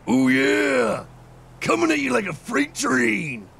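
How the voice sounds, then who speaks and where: A man putting on the voice of a bombastic male pro wrestler, growling out drawn-out boasts. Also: very high-pitched, very animated, a little hiss or hum, voice pushed up, heavily acted. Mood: hyped boasting. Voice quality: gravelly, growling shout.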